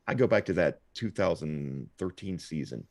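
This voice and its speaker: A man's voice: low-pitched, animated, moderate pace, a little mellow, no echo. A middle-aged man in casual podcast chat, telling a rambling, reflective story. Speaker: guest host.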